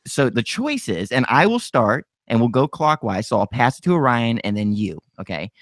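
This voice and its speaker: A man hosts a podcast in a loose, joking way, laughing often as his pitch jumps around. The sound is dry and close, with no room echo. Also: very animated, normal speed, fairly bright tone. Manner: laughs often, chatty and self-mocking. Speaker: podcast host. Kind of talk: casual podcast chat.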